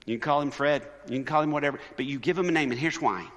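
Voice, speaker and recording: Male conference speaker, lively sermon delivery that acts out voices, recorded in a big reverberant hall. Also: fairly high pitch, racing. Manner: animated, conversational, shifts into quoted voices. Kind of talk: sermon-style talk.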